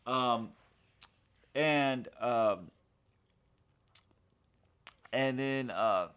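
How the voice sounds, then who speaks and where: A man's voice: mid-range voice, very slow, a bit bright, clean tone. Rambling man retelling a TV episode. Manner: rambling retelling full of fillers, acting out lines from the show. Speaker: podcast co-host reviewing a TV pilot. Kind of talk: casual chat.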